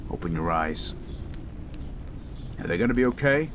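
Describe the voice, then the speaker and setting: A man playing a gruff, tender young med student. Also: low voice, animated, normal speed, noisy background. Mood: panicked. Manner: gruff but tender, pleading. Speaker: audio roleplay voice actor. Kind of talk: romantic audio roleplay.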